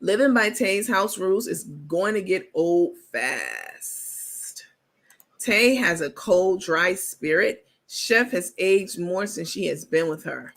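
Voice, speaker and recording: A woman's voice: lowish voice, sing-song, slow, vocal fry. A woman host talking casually and candidly to her viewers, calling them baby and y'all and bragging on herself. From New York.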